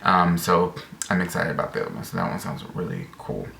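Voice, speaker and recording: A man casually chatting to camera about upcoming books, rambling and excited, full of fillers and restarts. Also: deep voice, moderate pace, gravelly. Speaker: book vlogger. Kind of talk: casual book chat to camera. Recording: echoey room, faint background noise.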